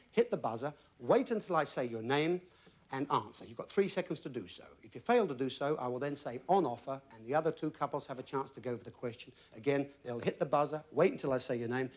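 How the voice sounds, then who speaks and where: A man's voice: medium pitch, a little mellow. A man hosting a TV quiz show, bantering and cracking jokes with the contestants. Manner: jokey, bantering, teasing contestants. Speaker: game show host. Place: TV studio with audience.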